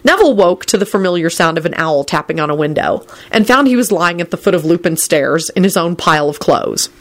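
A woman narrating a story aloud in a calm, measured way. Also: on the low side. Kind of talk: storybook reading.

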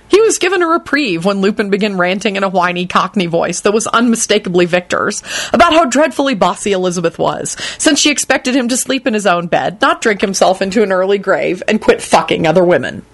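A woman's voice: mid-range voice, a little fast. A woman narrating an audiobook and acting out every character. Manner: expressive, acts out every character.

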